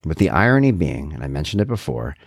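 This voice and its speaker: A middle-aged man with a very deep, sing-song voice talks fast with vocal fry, recorded in clean studio sound with no echo. As a vlogger sharing life advice, he speaks earnestly and confidingly to viewers in a reflective monologue about his life.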